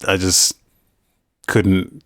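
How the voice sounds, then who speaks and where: A man's voice: low voice, completely flat delivery, very slow, no echo, clean studio sound. A man on a podcast chatting in a laid-back, rambling way about video games, swearing casually.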